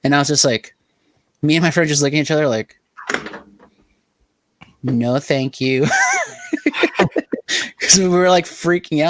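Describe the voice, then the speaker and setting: A man's voice: a little high, no echo. A young man from Southern California, co-hosting a podcast and telling rambling, profane stories full of "like" in casual chat. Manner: rambling, profane storytelling with frequent "like". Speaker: podcast co-host.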